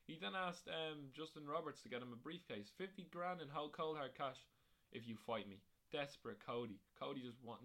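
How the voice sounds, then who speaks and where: A man's voice: medium pitch, expressive, fairly quick, pushed and bright. A man hosting a podcast on his own, recapping wrestling shows in a rambling, casual way with plenty of fillers and swearing. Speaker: podcast host.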